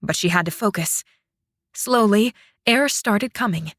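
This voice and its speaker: A woman reads a fantasy novel aloud with a dramatic, expressive delivery. She keeps an unhurried pace at a mid pitch, recorded close and completely dry. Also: no echo. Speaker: audiobook narrator. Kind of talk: scripted fantasy narration.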